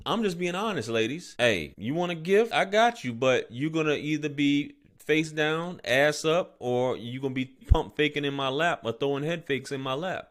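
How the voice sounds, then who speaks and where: A man giving blunt, mocking commentary as he reacts to a clip, his pitch swinging widely.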